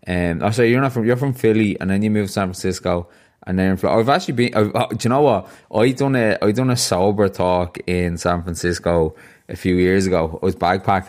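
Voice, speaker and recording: A man's voice: low-pitched, darkish tone. A man with an Irish accent hosting a podcast, chatting casually and rambling through stories with lots of fillers. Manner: rambling, storytelling, many fillers. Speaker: podcast host. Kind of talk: casual interview chat.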